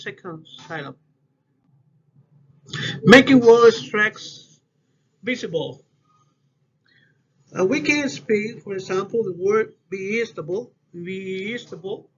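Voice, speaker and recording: A man giving a class presentation on word stress, in halting English that repeats words as he goes. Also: high voice. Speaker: student presenter. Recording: dull lo-fi recording with faint noise.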